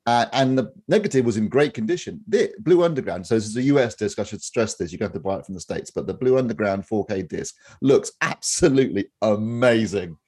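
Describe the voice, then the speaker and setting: Husky-voiced opinionated man. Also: fairly low pitch, lively intonation, a little fast, few pauses, a little mellow. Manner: blunt, opinionated, swears, laughs often. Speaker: home cinema reviewer. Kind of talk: casual podcast chat.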